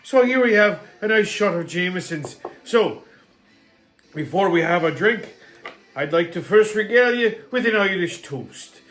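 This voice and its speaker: Guy with a high voice going off on a cussing rant, loud then quiet, casual vlog host. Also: unhurried, faint music behind. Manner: profane and blunt; animated, jumps between loud and quiet. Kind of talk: casual ranting monologue.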